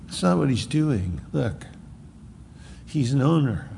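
A man's voice: medium pitch, animated, slow, creaky, long pauses, dark tone, long reverb tail, a little hiss or hum. A man preaching a sermon as a pastor, with emphatic repetition.

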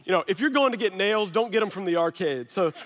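A man in his thirties, a pastor preaching a sermon through an animated personal story full of quick asides. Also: sits high, slight background noise. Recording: long hall reverb.

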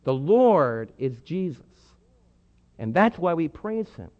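Man preaching, high voice, emphatic, hushed then loud, long hall echo, muffled sound. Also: sing-song, takes it slowly. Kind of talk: sermon.

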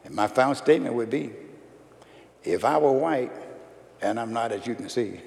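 A man preaching a sermon, with emphatic delivery that rises loud and falls soft. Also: mid-range voice, expressive, normal speed, vocal fry. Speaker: pastor. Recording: long hall reverb.

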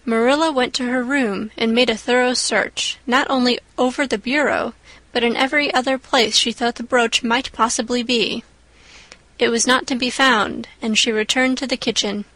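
A woman narrating a chapter of a classic novel in a measured, clear reading. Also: a little high, steady tone, pushed and bright, no echo, poor audio. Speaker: audiobook narrator. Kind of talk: scripted narration.

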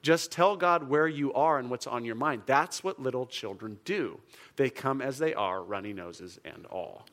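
A man preaching a sermon in a casual, conversational way, full of fillers and restarts and jumping up for emphasis. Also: measured pace. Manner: animated, jumps up in pitch and volume for emphasis. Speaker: pastor.

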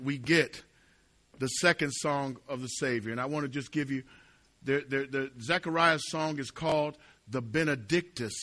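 A middle-aged man preaching a sermon as pastor, dramatic, swinging from quiet asides and jokes to loud, emphatic preaching. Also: mid-range voice.

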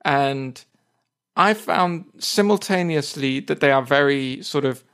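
Podcast co-host, English male, mid-pitched with heavy fry, thoughtful and measured. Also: a bit bright. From England. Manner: measured, thoughtful, with short agreeing interjections. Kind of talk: casual chat.

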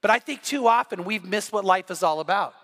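A man's voice: high-pitched, a little fast, a bit bright. A man pastor giving a sermon, telling a story with animation and acting out the quoted voices. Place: church sanctuary.

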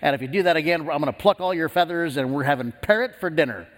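A man doing a brisk pet store manager. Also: a little high, expressive, long reverb tail, natural voice. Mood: stern.

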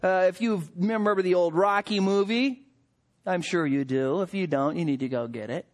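A man's voice: high-pitched, moderate pace. A man preaching a sermon to husbands, with a joking, storytelling delivery. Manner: humorous, animated storytelling. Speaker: pastor.

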